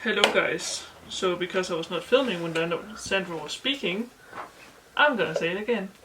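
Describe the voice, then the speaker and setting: A woman's voice: on the low side, expressive, brisk. A woman chatting and giggling with her friend over a meal at home. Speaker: co-host friend. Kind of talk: casual chat. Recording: noisy home recording.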